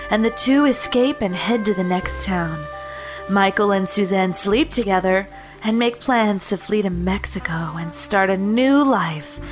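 A woman co-host with a playful, teasing way of chatting, laughing easily as she recaps a film. Faint music plays underneath her voice. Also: mid-range voice. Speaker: podcast co-host. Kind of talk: casual movie-review chat and plot recap.

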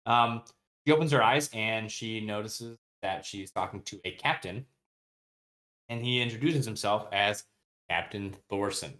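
An unhurried man with a lowish, slightly bright voice co-hosts a casual podcast about a book. He recounts scenes in slangy, filler-heavy speech with frequent restarts and now and then voices a character's line.

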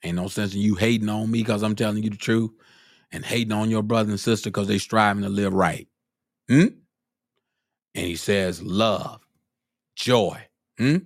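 A man's voice: lowish voice, unhurried, long pauses, dry recording, studio quality. A man preaching a sermon, quoting scripture in old wording and punctuating his points with "hmm?" and "huh?", his voice climbing into cries of glory.

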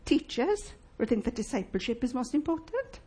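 Husky, lively woman preaching a sermon. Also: high-pitched, moderate pace. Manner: lively, emphatic, rhetorical questions to the congregation. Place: church.

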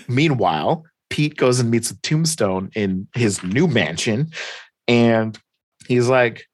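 A man's voice: medium pitch, animated, slow pace, pauses often, breathy edge, no echo. A man casually recapping a comic story, acting out the characters' lines and laughing often. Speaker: podcast host recapping comics. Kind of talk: casual chat.

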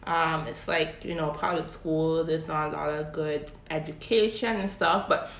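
A woman's voice: sits low, fairly even intonation, unhurried, a little hiss or hum. A young Caymanian woman chatting casually as a podcast co-host, with lots of fillers and likes. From Cayman Islands. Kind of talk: casual chat. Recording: echoey room.

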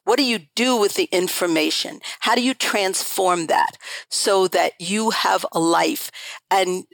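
A woman's voice: mid-range voice, a little slow, gravelly, fairly bright tone, no room sound, rough recording. An older woman, a guest on an interview show, telling her family story in an earnest, emphatic way that repeats phrases for stress. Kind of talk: conversational storytelling.

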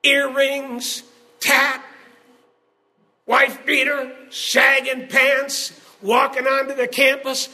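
Man, preacher, sermon, emphatic storytelling, shouted exhortation, very high voice, bright tone. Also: monotone, very slow.

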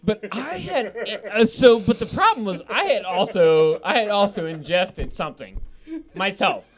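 A man's voice: high voice, expressive, measured pace, a crowd in the background. A man telling a rambling, profane story in casual podcast chat, laughing often as he goes.

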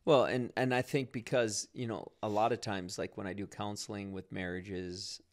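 Casting: gravelly-voiced man, pastor type, earnest and reflective, conversational. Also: on the low side, flat delivery, normal speed. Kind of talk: casual faith conversation.

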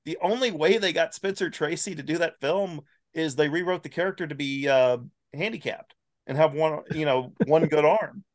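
Animated, riffing man. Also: a little high, normal speed. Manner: animated, riffing, rhetorical questions. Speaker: podcast guest. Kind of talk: casual chat.

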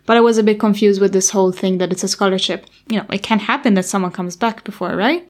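A woman's voice: mid-range voice, fast talker. Young woman telling a candid personal story. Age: young adult. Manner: candid, anxious retelling of past worries.

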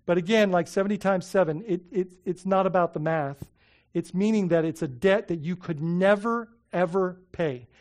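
Animated pastor preaching a sermon. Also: male voice, high-pitched, normal speed. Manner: animated, repeats himself, asks the congregation rhetorical questions; shifts between loud emphasis and soft heartfelt asides.

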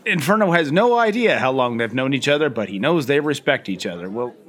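Podcast co-host, male, mid-pitched bright voice, steady plot summaries with dry wit. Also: fairly quick. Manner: dry, wry asides while summarizing plot. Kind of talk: casual chat recapping a cartoon episode.

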